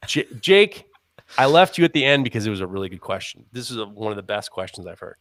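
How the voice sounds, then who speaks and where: A man's voice: fairly low pitch, sing-song, fast, fairly bright tone, no room sound, clean studio sound. A man hosting a live podcast in a casual, rambling way, laughing often and swearing freely. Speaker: podcast host.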